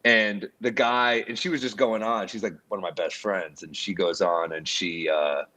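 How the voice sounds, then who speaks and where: A man in his thirties, a comedian guest telling anecdotes in casual podcast chat, quoting others with animated voices. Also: low-pitched, moderate pace.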